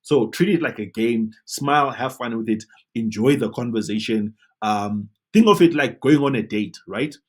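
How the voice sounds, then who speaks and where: A man teaching web design in a tutorial, coaching viewers in an animated way and often asking "right?". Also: mid-range voice, moderate pace, hardly any pauses, husky. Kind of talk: tutorial talk to camera.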